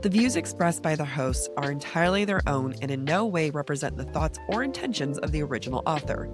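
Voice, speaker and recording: A woman co-hosting a book podcast in casual chat, slightly raspy and stuffed up from a cold, playful and quick to laugh. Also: low-pitched, lively intonation, over music. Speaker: podcast co-host.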